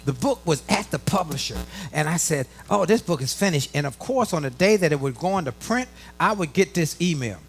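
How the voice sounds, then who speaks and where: A man's voice: a little high, a little fast, husky, faint music behind. Middle-aged guy from washington doing a live pep talk to a work crowd, folksy, voice swinging up and down a lot. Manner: animated, folksy, talks straight to the audience. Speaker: motivational speaker. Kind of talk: live motivational speech. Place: conference room before a live audience.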